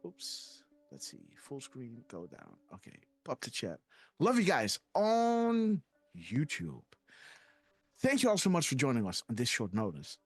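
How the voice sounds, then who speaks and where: A man's voice: medium pitch, huge pitch swings, unhurried, breathy edge, dry recording. Chatty male livestream host. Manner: chatty, repeats "guys" often. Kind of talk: casual livestream chat.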